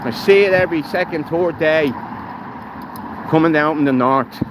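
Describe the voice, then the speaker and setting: A Dublin livestreamer walks through city streets, filming on his phone and giving blunt, heated commentary while swearing freely in his Irish accent. His voice sits on the high side at a moderate pace, with traffic noise throughout the outdoor recording.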